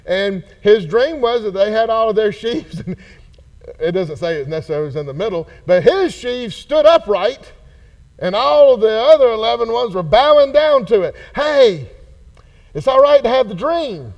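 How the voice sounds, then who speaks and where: Folksy male pastor, high voice, lively teaching in a church hall. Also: moderate pace, muffled recording. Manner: folksy, animated, acts out characters. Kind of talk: casual Bible study teaching.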